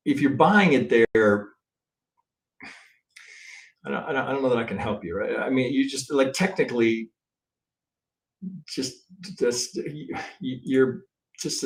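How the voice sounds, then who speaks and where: A man teaching trading in a live-stream chart review, thinking aloud in a blunt, profane way and tagging his points with a quick "right?". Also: medium pitch. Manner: thinks aloud, counts waves, restarts often. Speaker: trading instructor.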